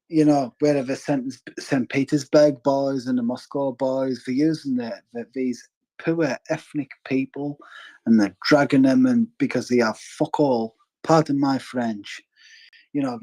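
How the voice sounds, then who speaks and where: Cumbrian male caller, blunt, warm low-toned delivery. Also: low-quality recording. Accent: Cumbrian English. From northwest England. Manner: blunt and earnest, swears casually. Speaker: caller in a live audio space. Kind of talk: casual chat.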